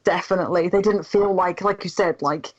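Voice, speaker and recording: A woman's voice: on the low side, fairly even intonation, fairly quick, dry recording, dull audio. Enthusiastic woman podcast panelist. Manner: enthusiastic, chatty. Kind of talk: casual panel chat.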